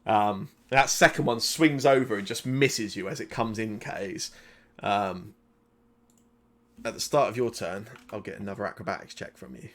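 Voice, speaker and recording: A man narrating as game master of a tabletop game, relaxed and halting, with many fillers as he describes the fight. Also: fairly low pitch.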